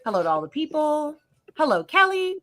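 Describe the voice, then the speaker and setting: A woman co-hosting a livestream, chatting casually and reading viewer messages aloud, bubbly and giggly. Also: sits high. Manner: bubbly, giggly, talks fast and animated. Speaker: livestream co-host.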